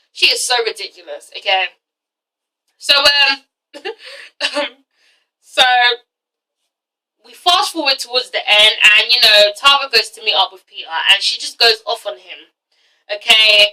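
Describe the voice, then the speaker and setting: A woman's voice: high voice, bright, forceful tone, distant mic, poor audio. A young woman reviewing a TV show, blunt and profane with exasperated asides. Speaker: TV review vlogger. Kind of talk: casual ranting review.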